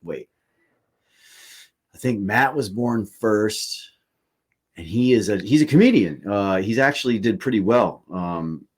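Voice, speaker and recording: Profane, rambling man, lowish voice. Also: animated, measured pace, pauses often, slightly rough. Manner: loose, profane storytelling with frequent fillers. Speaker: podcast host. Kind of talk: casual chat.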